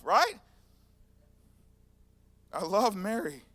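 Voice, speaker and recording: A male pastor preaches in a casual, animated way, slipping into the people in his story. His voice sits high and bright. The sound is dry and close, with no echo. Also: normal speed. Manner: animated storytelling, acting out scenes. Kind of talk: sermon.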